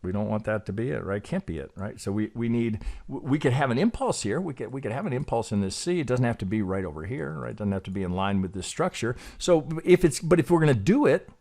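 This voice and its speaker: A man's voice: mid-range voice, expressive, quick pace, vocal fry, few pauses, a little mellow. Man musing aloud over charts. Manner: hesitant, self-questioning, repeats words. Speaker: trading educator. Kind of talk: thinking aloud while charting.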